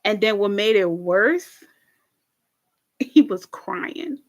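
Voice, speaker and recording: This young woman's reaction video is casual and lively as she walks her audience through a TV episode, laughing often and cursing without restraint. Her pitch is medium, and she talks extremely slowly.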